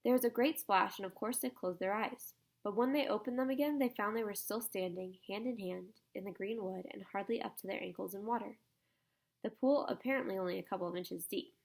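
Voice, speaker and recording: A woman narrating a children's storybook aloud in a soft, measured way. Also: medium pitch, vocal fry. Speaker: audiobook narrator.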